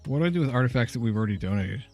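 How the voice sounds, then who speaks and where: An American man co-hosting a game stream, talking in a dry, low-key, wry way. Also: lively intonation, very fast, a little mellow, faint music behind. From United States. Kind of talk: casual let's-play chat.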